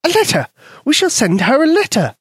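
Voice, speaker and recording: A squeaky, eager little mouse. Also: male voice, brisk, dry recording, clean studio sound, heavily acted. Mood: excited. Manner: squeaky, excited. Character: eager little male house mouse, kind-hearted.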